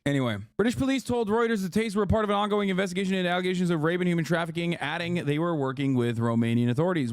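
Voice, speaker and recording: A man co-hosting a live stream, chatting sarcastically and reading news articles aloud quickly. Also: fairly high pitch, dry recording, clean studio sound. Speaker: streamer co-host.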